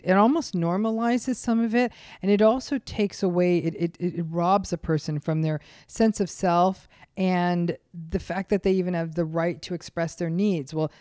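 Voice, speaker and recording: A woman's voice: lowish voice, mellow, dry recording, studio quality. A woman psychologist, a guest on a podcast interview, who speaks emphatically and acts out the people she quotes.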